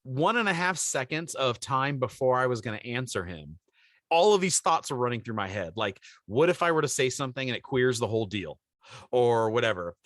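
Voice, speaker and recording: A man co-hosting a podcast in casual chat, telling a story with lively acted-out quotes. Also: medium pitch, fairly quick, no room sound, clean studio sound. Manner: animated storyteller, acts out quoted voices. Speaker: podcast co-host.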